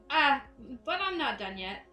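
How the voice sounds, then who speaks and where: A woman chats slowly and laughs a lot as she teases her sister. Her voice is high and very bright, over faint game music. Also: sing-song. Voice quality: giggly, teasing. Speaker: co-player, sister. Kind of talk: casual chat.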